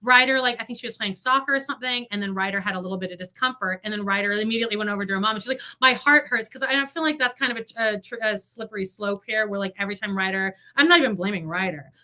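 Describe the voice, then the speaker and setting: Woman, lively, bright, casual gossip talk, curses freely, acts out quotes. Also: medium pitch, racing, hardly any pauses. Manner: animated, swearing, acts out quotes. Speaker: podcast co-host.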